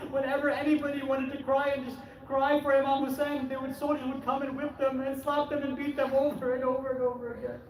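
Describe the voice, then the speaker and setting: A man's voice: very high-pitched, level tone, quick pace, hardly any pauses, a crowd in the background. A man giving a narrative sermon, telling the story dramatically and voicing the people in it. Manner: dramatic storytelling with voiced quotes. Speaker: speaker at a mourning gathering. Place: large prayer hall of an Islamic center. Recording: echoey hall, distant mic, background noise.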